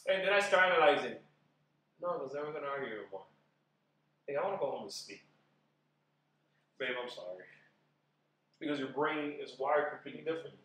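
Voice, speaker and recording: A man chatting as a podcast guest about marriage, animated and acting out quoted voices as he talks. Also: medium pitch, fairly quick, long pauses, echoey room, rough recording. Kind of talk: casual podcast chat.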